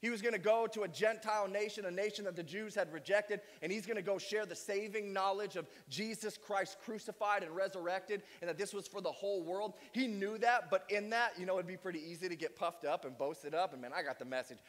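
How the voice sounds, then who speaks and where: A man's voice: high-pitched, brisk, few pauses, in a large hall. A male pastor preaching a sermon with emphatic delivery and strings of rhetorical questions. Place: church sanctuary.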